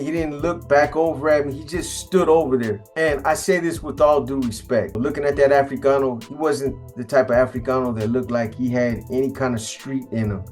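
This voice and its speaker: A man's voice: mid-range voice, darkish tone. A middle-aged man with a Californian accent telling a story casually, in blunt street slang, acting out the quoted voices. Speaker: storyteller host.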